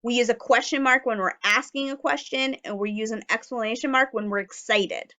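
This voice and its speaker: A woman teacher giving a phonics lesson to young children, sounding out letters slowly and clearly. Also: on the high side, bright, forceful tone.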